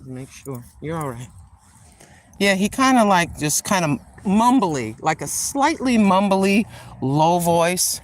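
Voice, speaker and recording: An older woman hosting a walking vlog outdoors in a park, chatting in a rambling way and addressing viewers as ladies and gentlemen. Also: on the low side, big pitch swings, takes it slowly, a little hiss or hum. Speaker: vlog host. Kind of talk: casual walking vlog chat.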